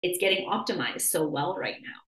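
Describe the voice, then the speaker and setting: A young adult woman hosting a podcast in casual chat, animated and constantly saying "like" as she acts out her own inner voice. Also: fairly low pitch, a little fast, reverberant, rough recording. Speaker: podcast host.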